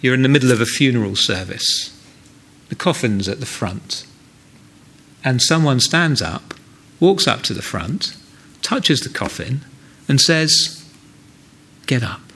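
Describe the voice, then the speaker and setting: A man's voice: medium pitch, animated, a little slow, creaky, pauses often, sharp tone, breathy edge. A man preaching a sermon in a church, earnest and conversational, often asking the listeners rhetorical questions.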